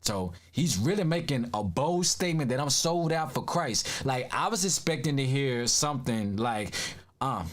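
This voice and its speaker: A man's voice: mid-range voice, very animated, unhurried. A man giving casual reaction commentary, emphatic and slangy, laughing often.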